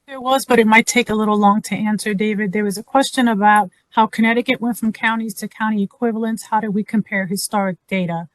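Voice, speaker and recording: A woman moderates an online session and reads out viewer questions at a brisk pace. Her voice is dry, with no room sound, as it comes over a computer mic on a video call. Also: mid-range voice, fairly even intonation, dry recording, low-quality recording. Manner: quick, relaying audience questions. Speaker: webinar moderator.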